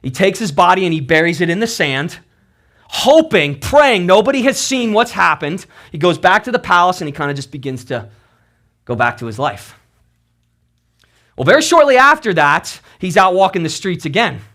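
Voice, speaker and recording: A male pastor preaching a sermon as a lively story, his high voice leaping across a wide range. He talks conversationally and drops suddenly into hushed moments for weight. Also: normal speed. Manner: storytelling, animated with sudden drops to low intensity.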